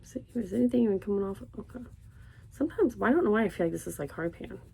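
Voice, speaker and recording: A woman's voice: medium pitch, quick pace, creaky, slightly rough. A young woman from Florida, chatting casually through a makeup tutorial, rambling and exclaiming, then murmuring as she works. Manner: animated, rambling, exclamatory, drops to murmurs while applying. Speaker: beauty vlogger.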